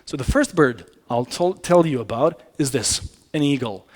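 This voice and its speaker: A man's voice: fairly high pitch, very animated, moderate pace, darkish tone. A man presenting a business communication talk at a conference, speaking straight to the audience in a conversational way, often correcting himself mid-sentence. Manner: conversational, addresses audience directly, frequent self-corrections. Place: conference stage.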